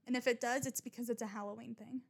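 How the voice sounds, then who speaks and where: A woman's voice: on the high side, steady tone, fast, gravelly. A young woman talking casually and bluntly about her odd habits, rambling, swearing often and mocking herself. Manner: rambling, blunt, frequent swearing and self-mockery. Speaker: podcast host. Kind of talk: casual confessional monologue.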